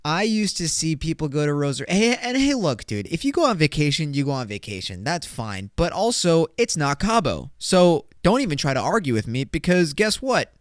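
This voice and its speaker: A young man hosts a casual solo podcast, joking and rambling as his volume swings from loud bursts to mumbled asides. His voice is smooth and resonant, close on the mic in a dry, dead room. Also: a little high, sing-song, moderate pace, few pauses, no room sound. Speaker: podcast host.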